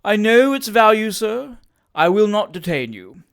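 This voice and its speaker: Leo Hunter, a grave and pompous gentleman, gushing with formal courtesy, as a reader puts him on. Higher and more insistent than a plain narrating voice, in a storybook reading. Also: very animated, unhurried, vocal fry, clear, resonant tone. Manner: formal, effusive, repeats sir. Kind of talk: audiobook character reading.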